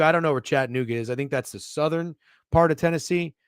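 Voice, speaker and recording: A man hosting a sports betting show, talking casually, swearing freely and swinging from hushed asides to loud bursts. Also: medium pitch, expressive, quick pace, no echo, studio quality. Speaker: sports betting podcast host.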